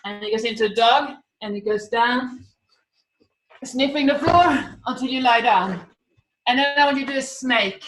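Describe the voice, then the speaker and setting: High and bright, this woman encourages kids at a moderate pace during an online movement class, counting, naming moves, and making animal sounds. The children's acrobatics teacher works from a room at home over video. Her voice comes from a distance in an echoey room with slight background noise.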